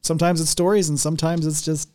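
A man hosting a podcast in casual chat, easygoing, laughing often and filling pauses with "um" and "uh". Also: fairly high pitch, little pitch movement, a little mellow, clean tone. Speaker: podcast host. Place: small podcast studio. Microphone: studio mic.

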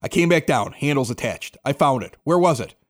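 A man hosting a podcast, telling stories in an excitable, animated way and acting out both sides of conversations. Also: mid-range voice, fairly quick. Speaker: podcast host. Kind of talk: casual storytelling chat.

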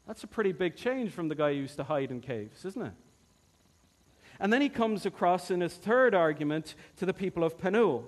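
Casting: male preacher, high-pitched, storytelling sermon. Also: expressive, moderate pace. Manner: storytelling, acting out voices.

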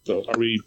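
A man co-hosting a casual film discussion, jokey and animated, quick to agree with the others. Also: lowish voice, dry recording. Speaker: podcast co-host. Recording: dry, slightly muffled audio.

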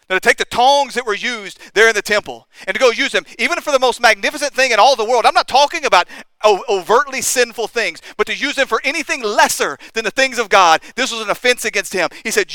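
Impassioned high-voiced male preacher. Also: expressive, brisk, pushed and bright, smooth, no echo. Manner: impassioned, rises and drops in intensity. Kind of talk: sermon.

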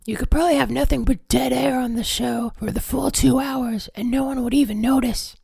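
A woman's voice: high-pitched, steady tone, fairly quick, creaky, a little mellow, breathy edge, dry recording. A woman co-hosting a radio show, teasing her partner in dry, curt comic banter. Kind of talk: deadpan comedic radio banter.

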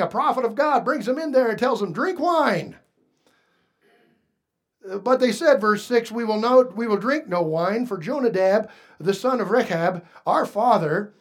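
Emphatic high-pitched male preacher. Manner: emphatic preaching, swinging between quiet asides and raised exclamations; engages congregation with questions. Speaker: pastor. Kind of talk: sermon.

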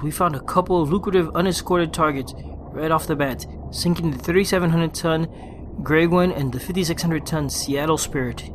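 With slight background noise behind him, a man with a fairly high pitch hosts a solo gaming podcast. He talks casually, restarting quickly, then reads a war story aloud as a session report in his plain, unaccented voice.

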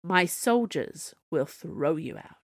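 Icy, slow young prince, woman narrator voicing him, flat and dead-toned. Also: deep voice, no echo, clean studio sound, voice pushed down, exaggerated voice. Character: cold bored young male enchanted prince.

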